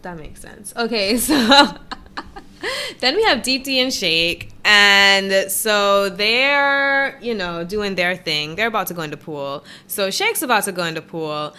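A woman's voice: mid-range voice, animated, slow pace, bright, forceful tone, smooth. A woman co-hosting a podcast, recapping a reality show in a teasing, giggly, mock-exasperated casual chat. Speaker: podcast co-host.

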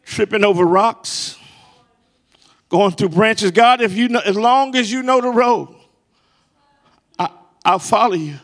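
A middle-aged man preaching with a bright, high voice that rises into impassioned peaks. He takes his time, letting each phrase land slowly. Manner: impassioned rising cadence, then hushed and soft. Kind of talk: sermon.

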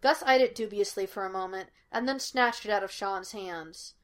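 A woman's voice: medium pitch, normal speed. Woman narrating fan fiction aloud. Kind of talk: audiobook narration.

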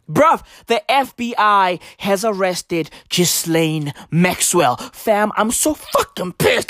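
A woman doing a satirical comedy rant, loud and profane, often bursting into mock-outraged shouts and heavy street slang. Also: on the high side, slow pace, dry recording, studio quality.

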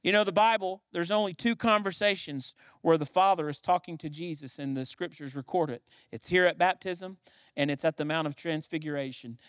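A man with a notably high voice delivers a sermon as a pastor. He builds his points through repetition and rising emphasis. The sound is close and dry, with no room around it. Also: fairly quick, fairly bright tone, dry recording.

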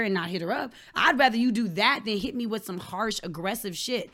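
A woman's voice: fairly high pitch, animated, quick pace, hardly any pauses, a bit bright. A woman in a casual group discussion, pressing her point and cutting in on others. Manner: argumentative, interrupts to push her point.

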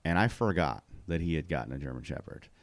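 A man's voice: very deep voice, expressive, quick pace, gravelly, no room sound. A man telling a funny story in casual podcast chat, laughing often.

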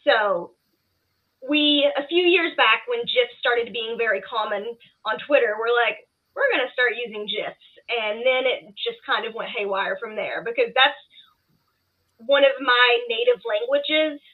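A woman's voice: on the high side, a little slow. A woman from Kentucky, a guest on a live show, chatting casually with a sarcastic, joking manner. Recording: tinny phone-like call line.

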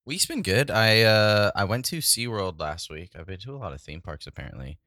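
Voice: sits low, expressive, a little fast, a bit bright, no room sound, clean studio sound. A podcast co-host in casual chat, reacting to a story with teasing questions and laughing along.

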